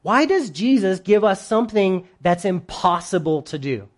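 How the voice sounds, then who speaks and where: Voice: mid-range voice, very animated, moderate pace. A pastor giving a sermon in a casual, humorous way, often asking the congregation questions.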